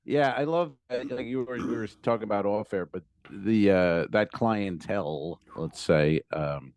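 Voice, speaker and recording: A man's voice: lowish voice, a little slow, darkish tone, dry recording. A man co-hosting a comedy podcast, chatting casually and cracking loose jokes. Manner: loose, joking, riffs with asides. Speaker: podcast co-host.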